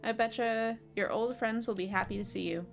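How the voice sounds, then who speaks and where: A woman's voice: on the high side, steady tone, fairly quick, vocal fry, soft background music. A woman reading out the lines of a cheerful middle-aged mother cat, in a chirpy, reassuring, folksy manner.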